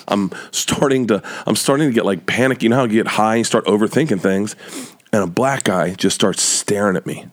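A middle-aged man telling a loud, animated story as a guest on a comedy podcast and acting out the voices in it. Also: on the low side.

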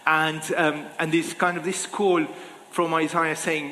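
A man's voice: a little high, level tone, measured pace, sharp tone, slight background noise. A man giving a sermon in an informal, thinking-aloud way, full of fillers and restarts. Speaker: preacher. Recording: long hall reverb.

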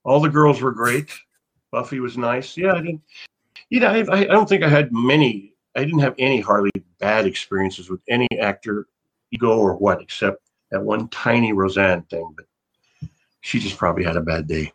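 An older man, appearing as an actor guest in a casual interview, tells anecdotes at medium pitch and normal speed with a somewhat bright voice. He rambles, often restarts his sentences, and laughs.

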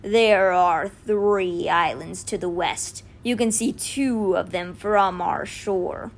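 A woman voicing a slow, stern giant cheetah. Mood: dry, stern. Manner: slow, pointed, lower delivery. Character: giant male cheetah statue, dry and stern.

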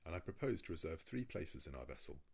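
A man's voice: very deep voice, sing-song, fast talker, creaky, a little mellow, slightly rough, full character voice. Man putting on a prim, fussy manservant. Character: fussy, timid male manservant, prim and proper.

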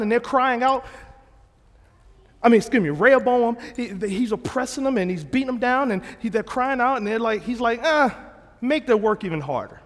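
A man's voice: very high voice, big-room sound. A man preaching a sermon, retelling scripture in a plain, conversational way and correcting himself as he goes. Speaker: pastor.

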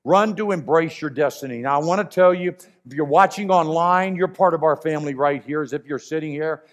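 A man's voice: a little high, a little fast. A man preaching a sermon in an earnest, emphatic way, repeating his key phrases.

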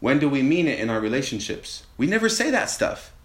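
A man's voice: mid-range voice, fairly quick. Man preaching in an echoey room. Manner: animated, acts out quoted voices, rhetorical questions. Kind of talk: sermon.

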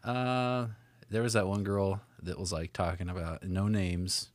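A man's voice: low voice, little pitch movement, a little slow, no echo. A laid-back young man chatting as a podcast co-host, who laughs often and trails off mid-thought. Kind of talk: casual chat.

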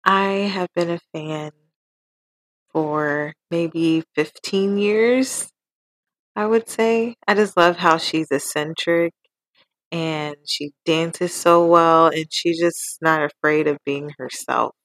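A woman's voice: low voice, slow, a bit bright. A woman co-hosting a podcast, chatting casually about pop culture in a laid-back, teasing way. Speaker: podcast co-host.

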